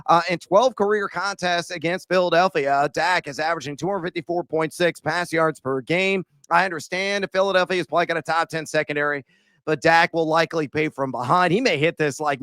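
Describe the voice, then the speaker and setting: A man co-hosting a sports betting podcast, exuberant and playful, bursting into shouts as he talks through his picks. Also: high voice, dry recording. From Illinois. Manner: playful, sprinkles joke phrases. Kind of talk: casual betting picks chat.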